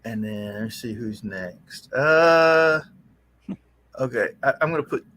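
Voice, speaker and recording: A man hosting a casual livestream chat, upbeat and busy with quick asides. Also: medium pitch, animated, a bit bright. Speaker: host running the stream.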